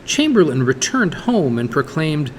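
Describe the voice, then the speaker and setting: A man reads a history textbook aloud, teacher-style, at an even pace. His pitch moves up and down freely as he reads, with the odd stumble he fixes on the go. The room rings with a long reverb, and a faint hiss sits under the voice. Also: unhurried. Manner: steady reading with occasional small stumbles and self-corrections. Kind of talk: read-aloud textbook narration.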